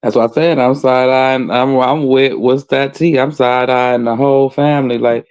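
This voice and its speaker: A man chatting casually on a livestream, making wry, sarcastic jokes in a drawn-out delivery. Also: mid-range voice, fairly even intonation, darkish tone, smooth, no echo, poor audio. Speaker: stream co-host. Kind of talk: casual gossip chat.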